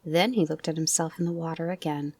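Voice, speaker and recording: A woman reading a children's storybook aloud in a gentle, soft bedtime voice, often close to a whisper. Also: sits low, fairly even intonation, brisk, no echo. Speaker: audiobook reader.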